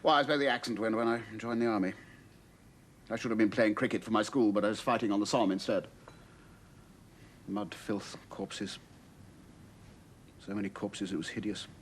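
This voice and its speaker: An actor playing a cynical middle-aged writer and war veteran, who talks in a measured, philosophical way. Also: male voice, lowish voice, steady tone, slight background noise, natural voice. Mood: conversational. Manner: measured, world-weary, philosophical. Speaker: host sheltering a stranger.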